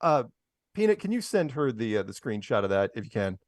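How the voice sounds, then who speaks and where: A man's voice: medium pitch, very animated, brisk, no room sound, studio quality. Sarcastic man hosting a chat show. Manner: sarcastic, mocking, laughs at his own jokes. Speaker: podcast host. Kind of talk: casual chat show commentary.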